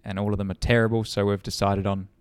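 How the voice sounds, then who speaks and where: A man's voice: lowish voice, level tone, quick pace, smooth. A young man and racing driver co-hosting a podcast in casual, joking banter. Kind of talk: casual chat.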